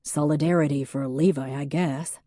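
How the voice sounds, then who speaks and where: A woman's voice: deep voice, fairly even intonation, normal speed, dark tone, no echo. A woman voicing a dry, wry adult man in an audiobook.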